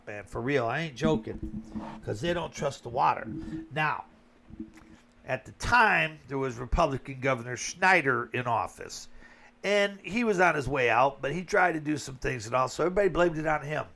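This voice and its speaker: A man's voice: medium pitch, normal speed, creaky, bright, forceful tone, slight background noise. A man from Flint, Michigan, giving a blunt, colloquial opinion monologue as a vlogger.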